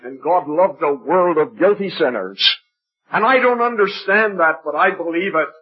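A man preaching an evangelistic sermon at a gospel meeting, emphatic and dwelling on repeated phrases, sometimes dropping to a hush. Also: on the high side, lively intonation, normal speed, breathy edge. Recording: dull lo-fi recording.

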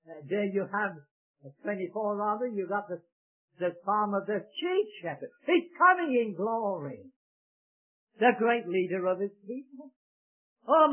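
A preacher delivering a fervent sermon, rising to shouts and correcting himself as he goes. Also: high-pitched. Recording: tinny phone-like recording.

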